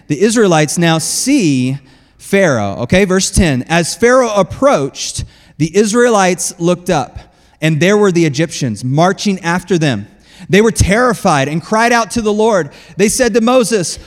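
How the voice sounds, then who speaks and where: A man preaching a sermon as pastor, conversational and animated, laughing often and acting out quotes. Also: high voice, in a large hall.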